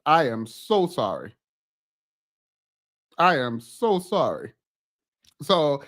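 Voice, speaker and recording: A man who grew up outside the US, streaming casual commentary on a show, animated and laughing often as his voice jumps up. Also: fairly high pitch.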